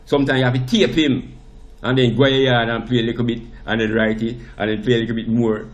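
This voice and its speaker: A man with a Jamaican accent, a priest, recounting a story in conversation. He tells it in a lively way, often restarting his sentences and slipping into the voices of the people he quotes. His voice sits at a middle pitch. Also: fast talker, dull audio. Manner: animated anecdote, acts out quoted voices, frequent restarts. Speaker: priest and interview guest.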